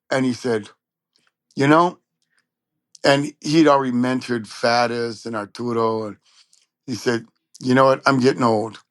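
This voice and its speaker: A man from Long Beach, California, a trumpet player telling lively anecdotes in a casual interview. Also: mid-range voice, no room sound. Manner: animated anecdotes, acts out quoted voices.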